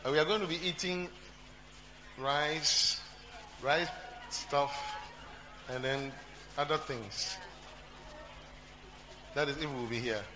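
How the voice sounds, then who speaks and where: In a church, a pastor with a fairly high voice preaches slowly, leaving long pauses. He talks to the congregation with repetition, jokes, and questions. There's a hum on the dull recording.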